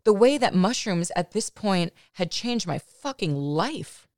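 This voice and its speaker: A woman's voice: mid-range voice, expressive, a little slow, darkish tone, no room sound, studio quality. A woman podcast host telling a personal story in a candid, chatty way, often adding "you know" asides.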